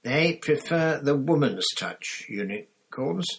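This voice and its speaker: A man doing a gruff barking schoolmistress. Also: a little high, lively intonation, slow pace, a bit bright, slight background noise, pitched above the performer's own voice, heavily acted. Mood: commanding. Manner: barking, curt commands. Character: brisk gruff stern middle-aged woman teacher.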